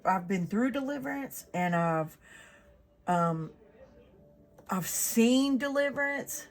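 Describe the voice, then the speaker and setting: A woman's voice: a little high, lively intonation, slow. A woman, reading the Bible aloud and reflecting on it in a chatty, earnest way with many fillers.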